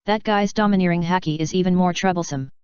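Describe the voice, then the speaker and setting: A boisterous pirate king captain, read by a woman in an audiobook. The voice sits a little low and clean, and it is read plainly. The recording is dry and dull. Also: fast, a little mellow, clean tone, no echo, lightly acted. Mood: boastful.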